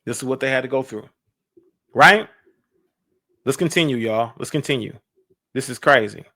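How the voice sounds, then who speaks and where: A man's voice: mid-range voice, normal speed, pushed and bright. A man hosting a live-stream reaction podcast, talking emphatically in a preachy way, repeating phrases and asking his listeners "right?".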